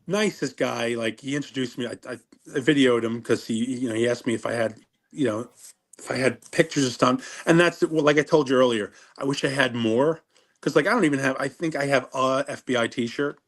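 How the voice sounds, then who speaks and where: A middle-aged former wrestler with a mid-range voice chats casually and briskly as an interview guest. He rambles through his stories, doubling back and breaking off his own sentences.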